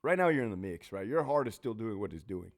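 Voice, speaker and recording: A man's voice: lowish voice, big pitch swings, fast. A man hosting a casual talk show, swearing freely as he tells stories and reads off viewer names. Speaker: host, former prison officer. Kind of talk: casual storytelling monologue.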